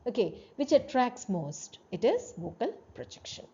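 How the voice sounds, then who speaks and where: A woman's voice: sing-song, normal speed, dull audio. A woman teacher giving a classroom lecture, explaining terms with frequent checks like "you know" and demonstrating tones with her voice. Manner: demonstrates tones by swinging her pitch and loudness.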